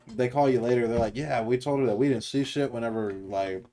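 A young man co-hosting a podcast in relaxed, profane casual chat, laughing along with his friend. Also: medium pitch, brisk. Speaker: podcast co-host.

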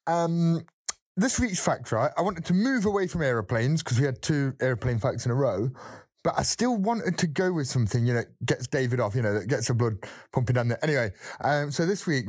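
A man's voice: mid-range voice, sing-song, brisk, no echo. A man presents a weekly fun fact on a podcast in a playful, storytelling way. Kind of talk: casual chat.

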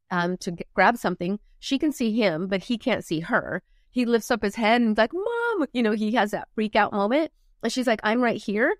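This is a woman speaking as a guest coach in a podcast interview. She tells stories with energy and slips into quoted voices as she goes. Her voice sits at a middle pitch and sounds dry and close to the mic. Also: no echo. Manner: animated storyteller, acts out quoted voices. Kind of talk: conversational interview.

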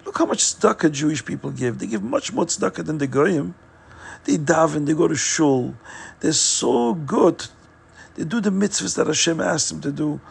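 A man's voice: a little high, expressive, moderate pace, vocal fry, slightly rough, full character voice. A man voicing a simple, sincere farm wife who pleads insistently through tears.

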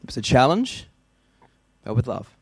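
A man's voice: mid-range voice, very animated, a little slow, vocal fry, breathy edge, dry recording. A man with an Australian accent preaching a sermon as a pastor, emphatic and stacking lists for effect.

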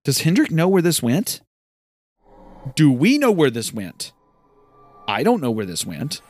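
A man's voice: fairly high pitch, huge pitch swings, unhurried, a little mellow, no room sound, soft background music. Chatty gamer man with a dry close mic. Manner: chatty, incredulous, rambling. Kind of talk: let's play commentary.

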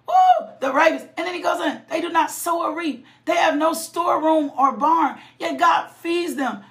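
A woman preacher delivering an impassioned sermon, often shouting, breaking into sudden high cries of "ooh" and repeating her phrases.

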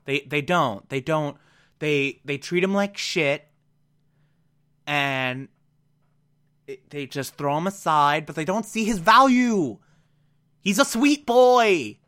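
Podcast host rambling through a recap, chatty and giggly, lots of likes and uhs, bright tone. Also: mid-range voice, lively intonation, slow, pauses often. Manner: chatty, giggly, many filler words. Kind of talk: casual episode recap.

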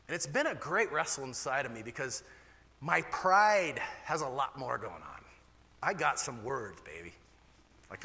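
Male pastor, sermon delivery, bright forceful tone, candid and animated, long reverb of a church hall. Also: slight background noise. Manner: candid, animated preaching with sudden rises in pitch.

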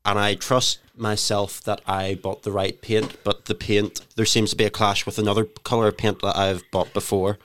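A man's voice: fairly low pitch, flat delivery, normal speed, few pauses, a bit bright. A man hosting a podcast, rambling hesitantly with many ums while making a prank phone call. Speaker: podcast host. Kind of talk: casual podcast chat, prank calling.

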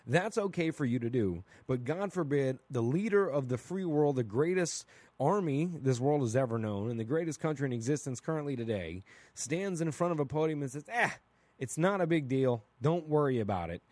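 A man of middling pitch delivers an opinionated solo podcast monologue, casual and blunt, with an occasional curse. He keeps asking his listeners "right?" as he builds his point, and the recording sounds close and dry. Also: animated, a little fast, mellow, dry recording. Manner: casual and blunt, with mild swearing. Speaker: podcast host.

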